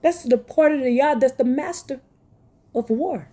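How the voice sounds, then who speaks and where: A woman's voice: high voice, measured pace, dark tone. A woman preaching a fervent, scolding sermon, reading scripture aloud and crying out as she repeats her phrases. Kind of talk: impassioned street-style sermon with scripture reading.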